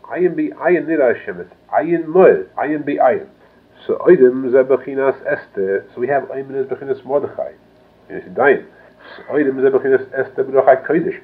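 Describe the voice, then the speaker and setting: A man giving a traditional text lecture, reading a passage and then explaining it phrase by phrase. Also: mid-range voice. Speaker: religious teacher. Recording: narrow phone-like lo-fi sound.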